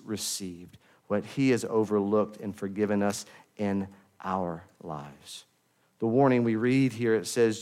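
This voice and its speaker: A man's voice: mid-range voice, darkish tone. A man preaching a sermon, earnest and repetitive, often quoting prayers aloud. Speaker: pastor.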